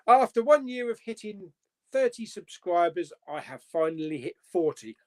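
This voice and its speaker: Man, young adult, live-stream host, casual and jokey, somewhat high-pitched. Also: sing-song, normal speed, darkish tone. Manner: chatty, laughs often, jokey. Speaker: host of a live movie chat show. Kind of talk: casual live-stream chat, reading viewer comments.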